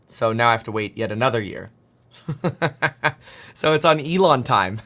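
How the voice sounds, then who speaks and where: Man in his 30s, casual livestream host; quick, rambling, jokey delivery while working charts. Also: medium pitch, lively intonation, a bit bright. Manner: fast, rambling, jokey, talks to himself while clicking charts. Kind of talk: casual market commentary livestream.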